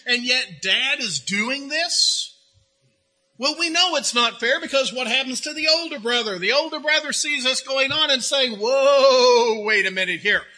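A man's voice: very high-pitched, sharp tone, poor audio. A man preaching a sermon in a conversational way, asking rhetorical questions and adding humorous asides. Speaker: pastor.

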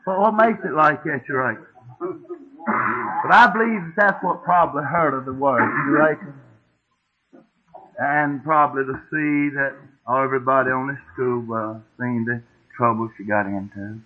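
Folksy preacher on tinny tape. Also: male voice, mid-range voice, unhurried, long pauses, slightly rough. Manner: folksy, homespun, asks the congregation questions. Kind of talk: sermon storytelling. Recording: tinny phone-like old tape.

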